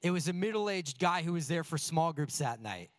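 A man on a church staff telling a humorous story in a sermon, animated and poking fun at himself. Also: a little high, moderate pace. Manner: animated, self-deprecating anecdotes. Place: church sanctuary before a congregation.

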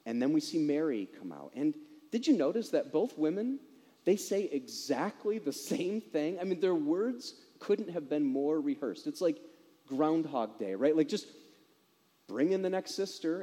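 Animated male preacher in a reverberant hall. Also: a little high. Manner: conversational, animated preaching with rhetorical questions. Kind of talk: sermon.

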